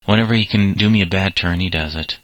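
A man reading the lines of a schoolboy son in a storybook, plaintive and defensive, in his own low voice. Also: fast, no echo, natural voice.

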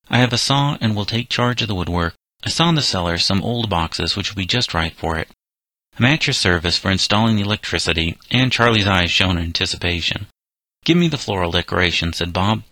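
A man narrating a children's novel aloud in a steady storytelling manner, giving the boys light character voices. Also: low voice, dry recording. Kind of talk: audiobook reading of a children's novel.

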